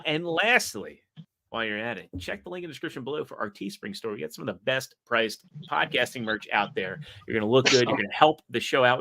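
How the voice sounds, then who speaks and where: A man's voice: mid-range voice, pushed and bright. A man hosting a casual podcast, rambling through a joke and reading out viewer chat. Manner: rambling, joke-telling, reads chat aloud. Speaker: podcast host.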